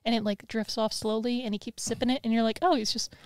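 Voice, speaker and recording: A woman chatting as a podcast co-host, her voice sitting a little high. She talks in an animated way, laughs easily and swears freely. The sound is dry and close. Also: quick pace, dry recording. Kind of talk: casual chat.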